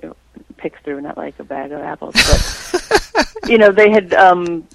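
A woman's voice: fairly low pitch, normal speed, gravelly, background noise. A woman being interviewed about her own artwork, chatting casually and breaking into playful impressions. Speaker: creator and artist being interviewed.

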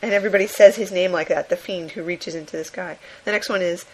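A woman's voice: medium pitch, fairly even intonation, fast talker, hardly any pauses, low-quality recording. Chatty woman gushing about comics. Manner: enthusiastic, laughing often, many fillers. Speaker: podcast host. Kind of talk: casual book review monologue.

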